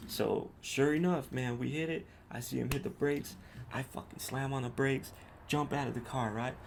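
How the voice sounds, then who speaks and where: A man's voice: mid-range voice, moderate pace, gravelly, slight background noise. A man hosting a podcast, telling a personal story in a casual, profane, slangy way. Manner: profane, street slang, animated retelling. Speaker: podcast host.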